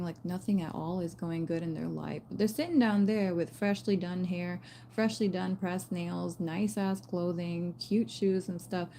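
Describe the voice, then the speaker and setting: Blunt slangy woman with a mellow voice. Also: fairly low pitch, slight background noise. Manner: blunt, swearing, slangy and animated. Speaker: spiritual reader. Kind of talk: casual spiritual message to viewers.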